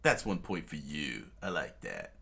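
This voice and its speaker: A man's voice: very deep voice, wildly swooping pitch, measured pace, creaky, a bit bright, husky, voice pushed down, heavily acted. Luffy, a man doing a laid-back cocky young pirate. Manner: laid-back, says "dude" constantly.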